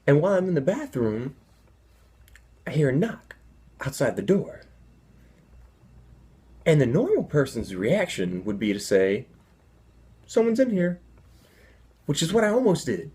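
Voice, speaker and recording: Husky man telling a funny story. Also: mid-range voice, a little slow, long pauses. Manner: animated, deadpan asides. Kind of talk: comedic personal storytelling.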